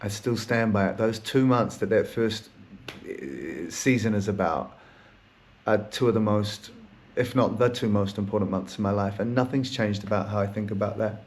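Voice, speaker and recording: A man's voice: fairly low pitch, moderate pace. A man hosting his own podcast in a candid solo monologue, melancholy, rambling and swearing a lot, laughing now and then as he talks. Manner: rambling, heavy swearing, laughs through sad talk. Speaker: podcast host; therapist.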